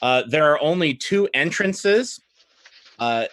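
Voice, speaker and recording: Bright-voiced male dungeon master. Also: fairly high pitch, slow pace. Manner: relaxed, guiding, laughs often. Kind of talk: narrating a tabletop game.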